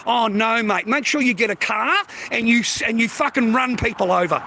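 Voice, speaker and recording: A man with an Australian accent rants at his livestream viewers, taunting them and swearing freely. His voice sits high for a man, with a gravelly edge and a sharp, bright tone. Faint noise hums in the background. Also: moderate pace. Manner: aggressive, taunting, heavy swearing. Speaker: livestream host. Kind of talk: profane livestream rant.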